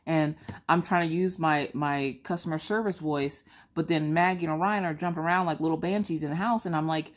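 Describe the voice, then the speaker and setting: A middle-aged woman with a low voice rambles through a casual vlog. She is chatty and animated, slipping into quick impressions of herself and her kids as she tells each story. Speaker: vlogger.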